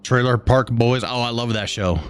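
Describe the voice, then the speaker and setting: A man's voice: mid-range voice, normal speed, clean tone, soft background music. A man hosting a live stream, casually reading and answering his chat with easy chuckles. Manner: laid-back, chuckling, talks to chat.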